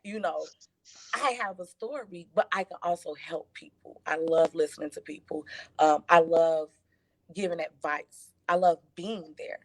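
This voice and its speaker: A woman from Chicago, a life coach, telling her story as an interview guest, lively and emotional as she acts out the voices of others. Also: deep voice, a little slow. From west side of Chicago. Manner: animated, emotional storytelling with acted quotes.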